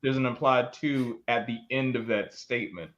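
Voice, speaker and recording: A man in a casual group chat, explaining his point in a measured way. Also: mid-range voice, fairly even intonation, a bit bright, lo-fi sound.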